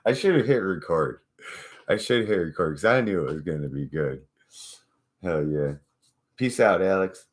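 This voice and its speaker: A man's voice: low-pitched, lively intonation, moderate pace, pauses often. A man hosting his own channel, telling a story in a loose, profane, mocking rant. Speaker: channel host. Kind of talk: casual rant to camera.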